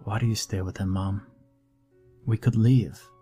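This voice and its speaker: A hurt teenage boy in a dark storybook tale, speaking low and guarded, with anger held back, as a male narrator reads his lines. The voice is dark and slow, with faint music behind it. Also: steady tone, slightly rough. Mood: frustrated. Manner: subdued, frustrated. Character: injured teenage boy, quietly angry.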